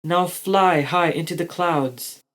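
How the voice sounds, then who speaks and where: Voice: medium pitch, takes it slowly, a bit bright. A storyteller voicing an eager young boy who speaks up in a raised voice.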